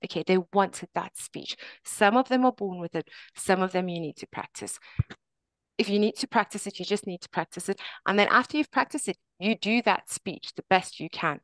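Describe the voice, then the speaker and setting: A woman's voice: mid-range voice, expressive, normal speed, fairly bright tone, dry recording. A woman presenting a workshop on teaching English, chatty, often saying "okay" between points.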